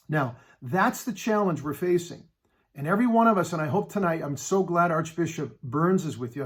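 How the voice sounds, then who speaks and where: Middle-aged male preacher, storyteller building to an urgent call, slightly high voice. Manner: animated storytelling, rising to exhortation. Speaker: speaker at a Catholic men's event.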